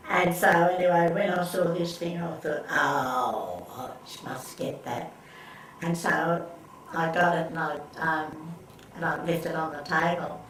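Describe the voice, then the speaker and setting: A woman's voice: sits low, steady tone, measured pace, fairly bright tone. An older woman telling family stories in casual chat, rambling with many restarts and often laughing. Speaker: interviewee. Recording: echoey room, recorded from far off, faint background noise.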